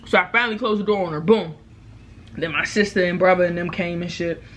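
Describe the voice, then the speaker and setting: A young woman vlogger, telling a storytime in casual, profane talk, loudly acting out what people said. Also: on the low side, a little fast. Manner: animated, profane, acts out quotes loudly. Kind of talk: casual storytime while eating.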